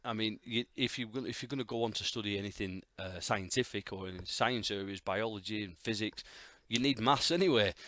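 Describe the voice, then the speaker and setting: A man's voice: lowish voice, fairly bright tone, no echo, clean studio sound. A middle-aged man with a Northern English accent, hosting a solo podcast in a rambling, opinionated way, full of fillers and restarts. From North of England. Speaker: podcast host. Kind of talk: casual solo podcast monologue. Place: quiet home room.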